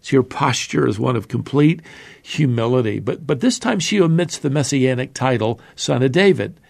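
A man's voice: medium pitch, lively intonation, moderate pace, gravelly, a little mellow. A man teaching through a Bible passage verse by verse in a conversational, explanatory way, with fillers and restarts.

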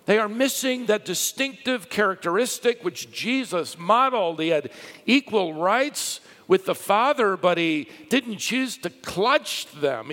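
Man, pastor preaching, animated storytelling, long reverb of a church hall. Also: high voice. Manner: lively storytelling, dropping to a hush for quiet lines. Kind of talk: sermon.

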